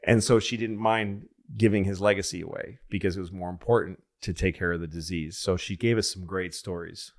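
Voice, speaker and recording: Lively low-voiced man telling stories. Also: fairly quick, hardly any pauses. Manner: animated storyteller acting out quotes in excited higher voices. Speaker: podcast host. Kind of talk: casual storytelling chat.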